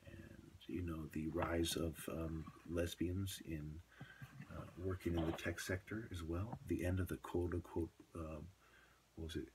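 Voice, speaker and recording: A man's voice: low-pitched, fairly even intonation, unhurried, background noise. A man talking straight to camera in a long, rambling monologue, dropping into whispers for asides. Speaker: video blogger.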